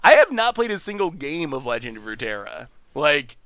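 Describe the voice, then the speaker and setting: Animated man streaming a card game. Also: on the high side, a little fast, dry recording. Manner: animated, self-mocking, chats with viewers while playing. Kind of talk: casual gameplay commentary to a live chat.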